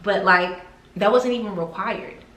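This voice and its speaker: A woman's voice: mid-range voice, unhurried, a bit bright. A woman talking to camera in a casual vlog, heartfelt and emotional, with lots of filler words. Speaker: lifestyle vlogger. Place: her house. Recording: roomy echo, somewhat distant from mic.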